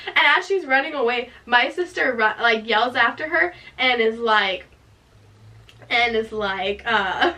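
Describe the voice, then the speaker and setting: Bright, animated young woman storyteller. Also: high-pitched, moderate pace. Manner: animated, heavy filler "like", laughing. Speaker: vlog host. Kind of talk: storytime chat. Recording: voice a bit distant from mic.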